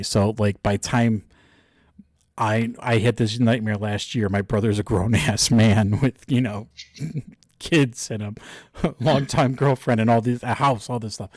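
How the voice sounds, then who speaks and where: A man's voice: mid-range voice, darkish tone, no echo, studio quality. A man chatting casually, telling a story with many fillers and restarts. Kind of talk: casual chat.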